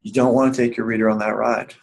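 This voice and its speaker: A man's voice: medium pitch, level tone, fast talker, vocal fry, low-quality recording. Guy running a writing seminar, hammers points home, keeps checking if everyone gets it. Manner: emphatic, repeats key points, asks the class questions. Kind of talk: live classroom teaching.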